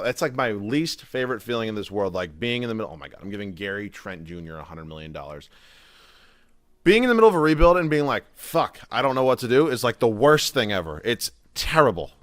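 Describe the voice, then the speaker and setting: A man's voice: medium pitch, fairly bright tone, dry recording, studio quality. A young man giving casual, profane gameplay commentary, ranting as he plays. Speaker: gaming YouTuber.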